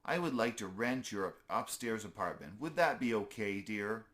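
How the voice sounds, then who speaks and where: A man voicing a sweet, very old grandmotherly female squirrel who speaks gently and kindly, calling everyone dear. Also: lowish voice, lively intonation, normal speed.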